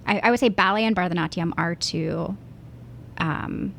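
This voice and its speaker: A woman's voice: lowish voice, quick pace, vocal fry, a bit bright, slight background noise. A woman from Pennsylvania, a musical theater actress, talking casually as an interview guest, thoughtful and full of restarts. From Pennsylvania, USA. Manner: thoughtful, with many fillers and restarts.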